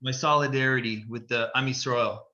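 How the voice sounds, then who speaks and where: A man's voice: medium pitch, fairly even intonation, a little fast, lo-fi sound, a crowd in the background. A man chatting casually on a video call, playful and teasing toward the others. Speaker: podcast co-host. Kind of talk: casual chat.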